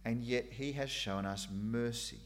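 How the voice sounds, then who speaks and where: A man's voice: mid-range voice, measured pace. A middle-aged man preaching a sermon, dramatizing God's questions with sudden raised, emphatic lines.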